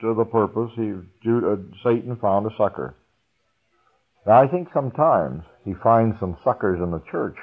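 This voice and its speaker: A man preaching a folksy, unhurried sermon, chuckling now and then. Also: low voice. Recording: tinny phone-like radio broadcast.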